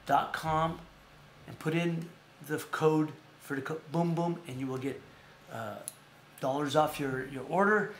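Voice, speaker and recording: A man's voice: a little high, a little slow, fairly bright tone, a little hiss or hum. A man hosting a casual talk show, rambling and repeating himself as he plugs sponsors. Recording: echoey room.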